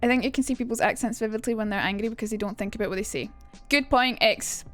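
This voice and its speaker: A woman's voice: on the high side, fast talker, soft background music. A young woman streamer casually teaching, chatty and rambling, reading chat aloud with casual swearing.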